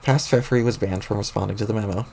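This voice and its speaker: A man reading a webcomic aloud on stream, speaking the narration in a quiet, lowered voice. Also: quick pace, gravelly.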